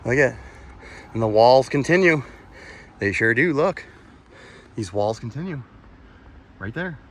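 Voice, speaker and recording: Slow, awestruck man vlogging outdoors. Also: mid-range voice, expressive, a bit bright, slight background noise. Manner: exclaiming, awestruck, swears, talks to viewers. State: out of breath. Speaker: vlogger exploring old bridges. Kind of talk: walking vlog narration. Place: outdoors, walking in the woods. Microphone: phone camera.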